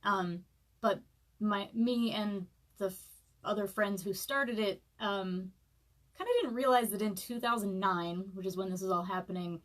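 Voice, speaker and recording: A woman's voice: medium pitch, steady tone, measured pace. Woman in her thirties, hungover author chatting loosely on a live stream before reading her chapter; fillers, laughs, self-mocking. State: hungover, eating saltines and sipping broth. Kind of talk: casual live-stream chat and book reading.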